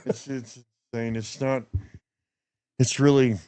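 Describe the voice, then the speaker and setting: A man's voice: medium pitch, little pitch movement, measured pace, warm tone, clear, resonant tone, dry recording. A plain-spoken, folksy middle-aged man tells stories on his podcast, now and then slipping into other people's lines. His voice sits in an ordinary middle range. The sound is close and dry, with no room around it. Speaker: podcast host. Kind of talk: casual storytelling chat.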